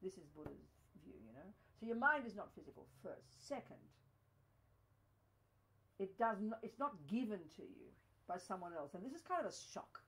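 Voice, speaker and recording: A woman's voice: medium pitch, very animated, moderate pace, fairly bright tone, low-quality recording. A woman giving a Buddhist teaching to a study group, talking emphatically with many "you know"s. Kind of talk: dharma teaching talk.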